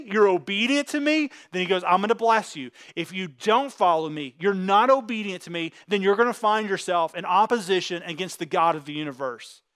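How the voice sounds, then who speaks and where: A pastor with a high-pitched, slightly bright voice preaches fervently, putting scripture into plain everyday talk. The recording is close and dry, with no room sound.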